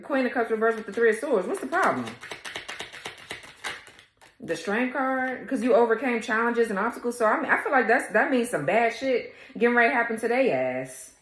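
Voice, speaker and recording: A woman's slightly high, somewhat bright voice echoes around the room as she does a casual tarot reading. Talking directly to her viewers, she's blunt and sassy, swears a lot, and breaks into laughter at points.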